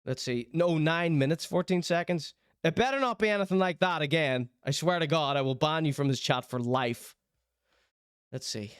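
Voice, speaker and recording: A man's voice: fairly high pitch, normal speed, fairly bright tone, smooth, dry recording, studio quality. A man hosting a casual live stream, ranting in theatrical mock outrage. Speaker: streaming show host. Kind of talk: casual livestream commentary.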